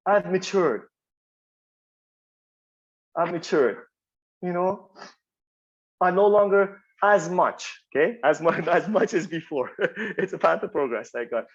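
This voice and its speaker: A man's voice: sits high, lively intonation, slow, long pauses, muffled recording. Earnest man sharing his recovery story. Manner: earnest, repetitive, frequent "you know?" and "right?". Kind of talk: heartfelt personal testimony.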